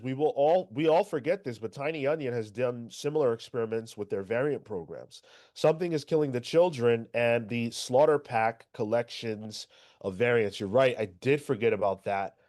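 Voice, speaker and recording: A man co-hosting a comics podcast, reading chat and ranting in an animated, exasperated way. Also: medium pitch, normal speed. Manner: animated, swears, exasperated rants. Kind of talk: casual chat.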